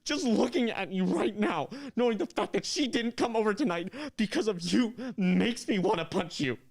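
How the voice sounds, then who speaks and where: A young actor playing a jittery lovesick gamer. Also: male voice, high voice, lively intonation, moderate pace, vocal fry, exaggerated voice. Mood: bitter. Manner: nervous, flustered, turning bitter and accusing. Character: young man, anxious gamer, lovesick and resentful. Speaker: stage actor in a play reading. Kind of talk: live new-play reading.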